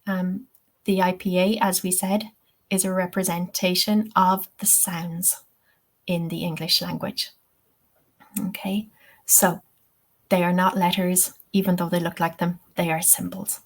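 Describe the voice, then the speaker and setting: Slow, patient Irish woman teaching. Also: on the low side, little pitch movement. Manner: patient, explains step by step, checks in with "okay?". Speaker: TEFL teacher. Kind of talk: webinar lesson.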